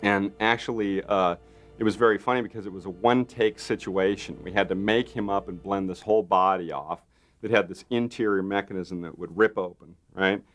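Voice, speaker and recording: Animated man telling a behind-the-scenes story. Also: low voice, fairly quick, faint music behind. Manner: animated, full of fillers, acts out quotes. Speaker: makeup effects artist interviewee. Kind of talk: documentary interview anecdote.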